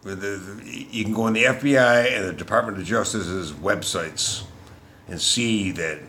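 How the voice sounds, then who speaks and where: A man delivering an angry, profane political rant as a vlogger, shouting at times. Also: fairly low pitch, a little slow, a little hiss or hum.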